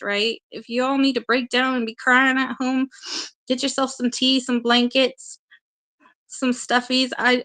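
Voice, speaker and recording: A woman hosts a casual livestream, with a voice sitting a touch higher than most. She talks straight to her viewers, earnest and emotional, and keeps reassuring them. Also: bright, forceful tone. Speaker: livestream co-host and advocate.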